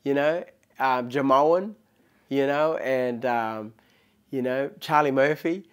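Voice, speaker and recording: A man, a comedian guest telling stories in casual chat, animated and laughing often. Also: medium pitch, takes it slowly, clean tone.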